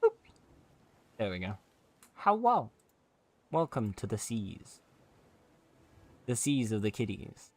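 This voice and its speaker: A man's voice: fairly low pitch, animated, a little slow, long pauses, a little mellow, breathy edge. A man livestreaming a game, chatting casually with viewers in a rambling way with lots of fillers and restarts.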